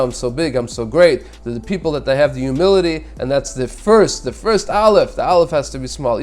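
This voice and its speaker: A man preaching a brief sermon at a quick clip, his voice sitting a little high for a man. He speaks earnestly, often doubling words as he restarts a phrase, like a rabbi telling a story to make his point. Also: a little mellow. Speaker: rabbi giving a Torah thought.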